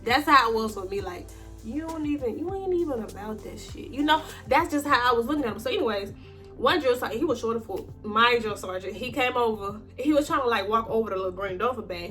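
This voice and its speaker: A woman's voice: on the high side, quick pace, soft background music. A young adult woman speaking African American Vernacular English tells a casual, swear-heavy story to her viewers, calling them y'all. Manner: animated, slangy, swearing, addresses viewers as y'all. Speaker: vlogger.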